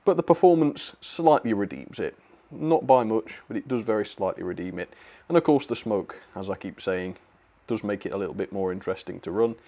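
A young British man talks through a model train review in a loose, chatty way, with plenty of chuckles and frank opinions. His voice sits a little low for a man. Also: expressive, fairly quick, dark tone. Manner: chatty, laughs often, blunt opinions. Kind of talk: casual video review.

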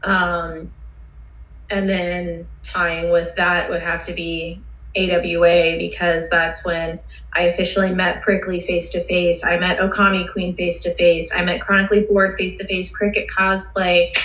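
A woman guest telling excitable, rambling stories with lots of fillers in a casual interview. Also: on the low side. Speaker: guest cosplayer. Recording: roomy, dull sound.

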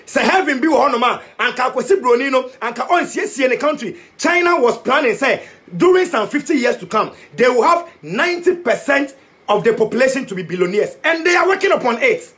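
Ghanaian guy going off on a fiery political rant, really high voice, mixes twi and english, preachy. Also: lively intonation, fairly quick, a bit bright. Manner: fiery and preachy, mixing Twi and English, repeating lines for emphasis. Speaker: youth activist vlogger.

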